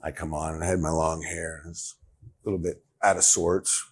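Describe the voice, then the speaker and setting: Deep husky older man telling stories. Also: a little fast. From California, USA. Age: 60s. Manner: animated storyteller, laughs often, acts out quotes. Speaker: interview guest, former pro football player. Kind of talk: casual storytelling interview.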